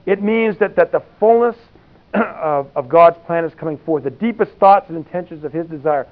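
A man with a somewhat high voice speaks at a moderate pace, delivering a folksy, conversational sermon that wanders through many asides and leans on "you know." The audio sounds tinny, like a phone line.

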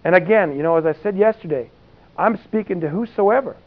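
A high-pitched, brisk male voice carries a folksy sermon delivered like conversation, with rambling asides and "you know" coming up often. The sound quality is tinny and phone-like.

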